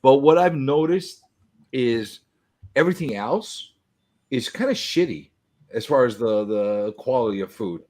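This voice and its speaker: A man's voice: mid-range voice, expressive, a little mellow. A man from New York in casual chat, talking bluntly and stumbling over his words. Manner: halting, repeats words, blunt opinions. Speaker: podcast co-host.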